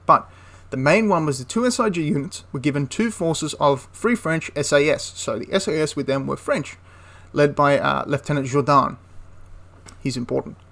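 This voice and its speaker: A man's voice: fairly high pitch, moderate pace, creaky, fairly bright tone. A man casually retelling a wartime story for a history channel, rambling with frequent restarts and asides.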